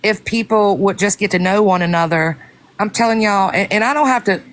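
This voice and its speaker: A woman's voice: medium pitch, fairly quick. A woman hosting a casual live stream chat, emphatic and talking straight to her listeners. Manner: emphatic, swears oaths, addresses listeners as y'all.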